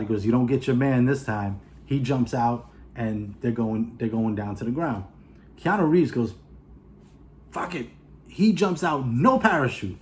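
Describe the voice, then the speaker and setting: A man with a New York accent talks through a movie's plot in a loose, animated way. He pitches up to act out the characters' lines as he goes. His voice sits at an ordinary middle pitch, and faint noise runs behind him. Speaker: movie reviewer. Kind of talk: casual plot retelling.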